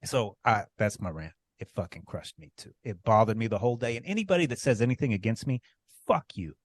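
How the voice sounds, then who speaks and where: A man's voice: lowish voice, animated, brisk, no room sound. Heated ranting podcast man. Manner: heated, profane, swings to loud outbursts. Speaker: podcast co-host. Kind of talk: ranting casual chat. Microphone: podcast mic.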